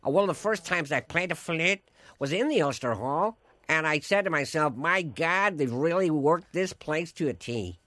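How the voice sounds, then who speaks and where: A man's voice: a little high, lively intonation, normal speed, bright, forceful tone, a little hiss or hum, pitched above the performer's own voice. Name: flute virtuoso. Type: a man impersonating a chatty, self-satisfied male flute star with a lilt.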